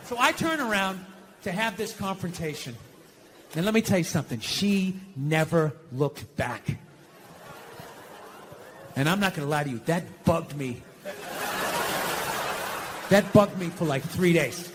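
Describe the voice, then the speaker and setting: A man's voice: sits high, measured pace, long pauses, fairly bright tone, slight background noise. A man doing a blunt, profane stand-up rant as a comedian, building to explosive outbursts.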